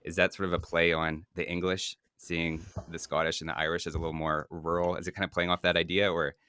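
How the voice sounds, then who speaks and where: A man hosting a video interview, asking questions in a quick, casual way with fillers. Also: deep voice, level tone, bright, forceful tone, clear, resonant tone, no echo. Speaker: YouTube host and interviewer.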